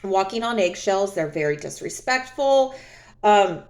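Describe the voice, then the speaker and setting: A woman's voice: medium pitch, expressive, a little slow, darkish tone. A woman vlogger talking candidly from her own experience in a reflective personal monologue, often repeating phrases for emphasis.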